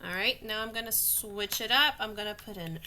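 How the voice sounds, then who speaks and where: A woman's voice: medium pitch, brisk, bright, forceful tone. A woman teaching a phonics lesson to young children, patient and encouraging, stretching out each sound.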